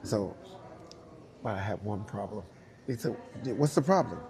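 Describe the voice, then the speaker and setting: A middle-aged man, a dancer telling a lively story and acting out the voices of the people in it. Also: lowish voice, unhurried. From Brooklyn, New York. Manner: acts out both sides of dialogue, laughing often. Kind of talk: animated storytelling.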